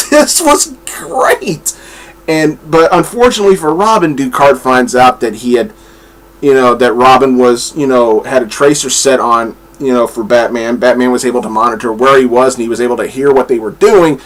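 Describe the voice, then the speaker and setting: A man's voice: medium pitch, brisk. A man giving a casual comic book review, enthusiastic and swearing freely, acting out the dialogue he quotes.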